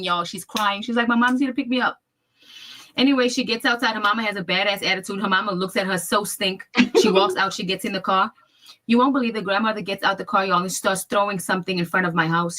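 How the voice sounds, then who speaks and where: A woman's voice: medium pitch, fairly even intonation, fast talker, bright, forceful tone. A woman in a casual vlog, emphatically telling a family story, acting out other people's lines and addressing viewers as y'all. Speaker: storyteller in her own video.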